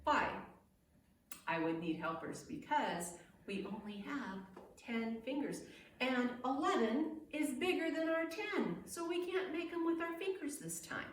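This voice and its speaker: A woman leading a children's circle-time lesson, gentle and sing-song, pausing for the children's answers. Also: sits high, animated, slight background noise. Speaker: preschool teacher. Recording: very echoey room, voice from a distance.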